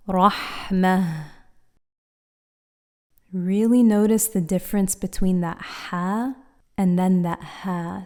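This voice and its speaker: A woman with a mellow, fairly low voice explains pronunciation in a clear, patient teaching manner. She demonstrates sounds aloud as she goes. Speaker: Quran recitation teacher. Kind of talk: instructional explainer.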